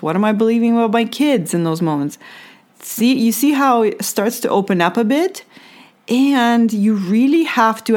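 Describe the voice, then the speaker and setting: A woman's voice: medium pitch, darkish tone. A mother hosting her own podcast, talking earnestly and encouragingly straight to the listener in a reflective solo talk.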